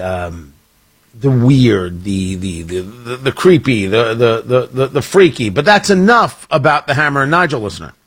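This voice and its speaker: Husky, high-pitched joking radio host man. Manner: joking, animated, self-interrupting. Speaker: radio talk show host. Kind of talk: casual radio chat.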